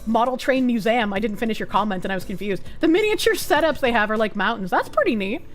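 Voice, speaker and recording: A young woman with a Boston accent, chatting casually on a live stream, profane and excitable with bursts of yelling. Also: a little high, fast talker, soft background music. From Boston, USA. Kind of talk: casual live-stream chat reading comments.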